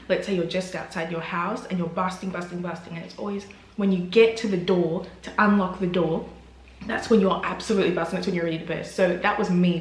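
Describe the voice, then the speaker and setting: A woman's voice: lowish voice, a little hiss or hum. A young woman, telling her own birth story in a candid vlog and acting out what she said. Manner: animated, acts out her own quotes with laughter. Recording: roomy echo.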